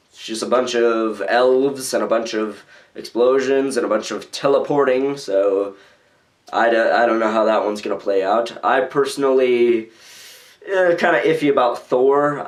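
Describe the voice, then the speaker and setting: A young man from the United States rambling casually in his own video blog, with loose phrasing and lots of fillers. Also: medium pitch. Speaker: vlogger. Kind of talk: casual vlog commentary.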